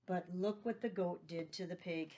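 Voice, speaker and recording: A woman's voice: fairly low pitch, normal speed, mellow. Woman teacher reading a storybook to kids, patient, explains words, asks questions. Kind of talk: read-aloud vocabulary lesson.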